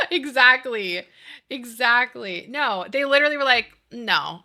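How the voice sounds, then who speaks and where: A woman's voice: on the high side, animated, slow pace, bright, forceful tone. A woman in her thirties chatting casually on a game stream, gushing and giggly as she talks to her chat. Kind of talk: casual chat with chat while gaming.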